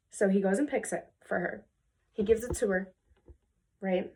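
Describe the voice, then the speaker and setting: A young woman casually retelling a fairy tale for her video, chatty and full of fillers, jumping into quick voices for the characters. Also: medium pitch. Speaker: video creator.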